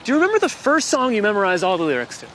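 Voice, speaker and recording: A woman interviewer asking quick-fire questions, upbeat and lively, speaking outdoors. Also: medium pitch, slight background noise. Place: outdoors in countryside.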